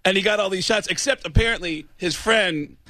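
A man who is a comedian guest in a radio studio, chatting casually and telling animated stories with sudden high-pitched voices for quotes. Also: brisk, no echo. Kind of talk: casual radio interview chat.

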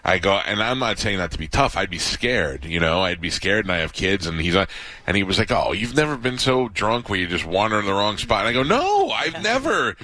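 A man hosting a radio talk show, telling stories in a casual, animated way. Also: sits low, quick pace. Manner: storytelling, animated quotes.

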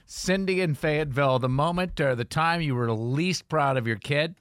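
A man's voice: fairly high pitch, moderate pace, fairly bright tone, clear, resonant tone, dry recording, clean studio sound. A man hosting a morning radio show, joking with callers and bringing them on by name and town. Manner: playful, joking, reads callers' names and towns. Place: radio studio. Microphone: studio microphone.

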